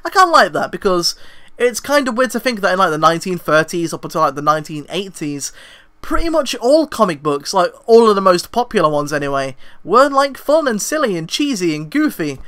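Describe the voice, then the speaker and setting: A man's voice: high voice, big pitch swings, a little fast, fairly bright tone, clean tone. A young British man answering viewer questions to camera in a casual, rambling, self-deprecating way, full of "like". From Britain. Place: room at home, lit by daylight.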